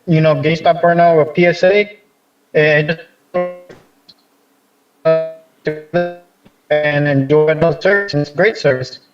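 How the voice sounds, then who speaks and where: A man with a fairly high voice calls in to a live show over a dull, muffled line that keeps breaking up. He rambles and halts, leaning on fillers, and faint music plays behind him. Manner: halting, rambling, many fillers. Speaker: caller. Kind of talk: casual chat. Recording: dull choppy call line.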